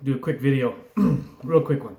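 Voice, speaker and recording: A man's voice: medium pitch, moderate pace, dark tone, echoey room. A man talking casually to camera, telling a story in a rambling, reflective way right after a workout. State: just worked out, sweaty. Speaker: vlogger.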